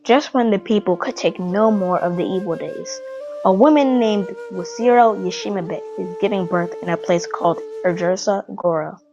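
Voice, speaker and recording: A woman giving a measured, dramatic scripted narration of a historical story. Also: medium pitch, highs cut off, over music.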